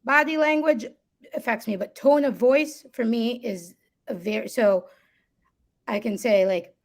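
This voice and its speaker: A woman's voice: fairly high pitch, a little slow. A woman speaking as a guest in a live conversation, explaining reflectively and often checking in with "right?". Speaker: guest, listening workshop co-founder.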